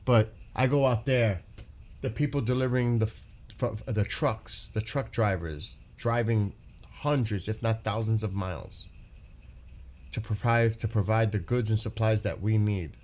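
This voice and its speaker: A man's voice: fairly low pitch, a little slow, a little mellow. A middle-aged American man, chatting casually and earnestly with live viewers, rambling and repeating himself. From United States. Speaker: live stream host.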